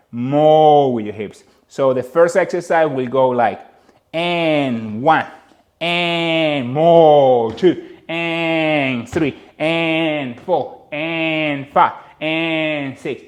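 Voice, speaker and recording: A man with a Latin American Spanish accent runs a dance lesson. He speaks in an unhurried, measured way and counts the beats aloud. He repeats each cue so the student can follow. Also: a little high. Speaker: dance instructor.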